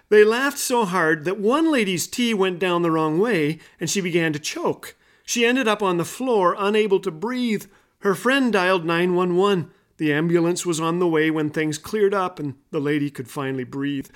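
A man's voice: high voice, normal speed. A man in his fifties hosting a radio show, telling humorous stories in a scripted monologue with punchlines. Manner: light storytelling with punchlines.

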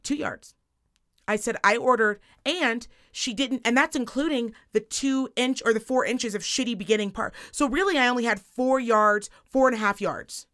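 A woman in her thirties co-hosting a casual podcast, telling a story in an animated, profane rant. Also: a little high, normal speed. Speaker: podcast co-host. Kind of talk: casual chat.

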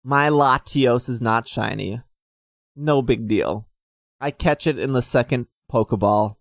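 A man's voice: medium pitch, a little slow, no echo, clean studio sound. A man casually telling a story on a podcast, acting out the other people's lines in raised voices. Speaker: podcast co-host.

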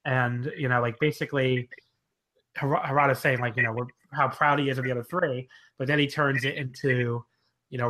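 A man's voice: medium pitch, fairly even intonation, fairly quick, bright, forceful tone, poor audio. A man co-hosting a casual wrestling podcast, rambling with many fillers and self-corrections. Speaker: podcast co-host.

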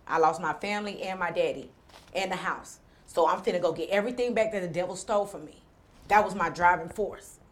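A woman's voice: lowish voice, fairly quick. A woman guest talking candidly in an interview, rambling and full of "like". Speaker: entrepreneur guest.

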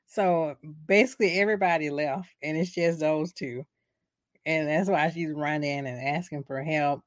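A woman with a fairly low voice chats casually about a film's plot. She talks animatedly and slips into the characters' voices as she recaps. The sound is dry and close. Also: moderate pace, no room sound. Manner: animated, acts out characters' lines with laughs. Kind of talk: casual movie recap chat.

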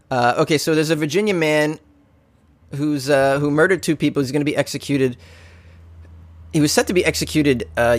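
A man's voice: mid-range voice, no echo, studio quality. A male stand-up comedian ranting alone on a podcast, sarcastic and profane, often laughing at his own points. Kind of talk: solo comedic podcast rant.

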